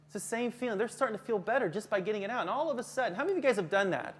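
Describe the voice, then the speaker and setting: Male counselor running a teacher workshop in front of a room; lively and engaging, lowers to a soft calm voice for examples. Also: very fast. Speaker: school counselor presenting to teachers. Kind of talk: live workshop talk.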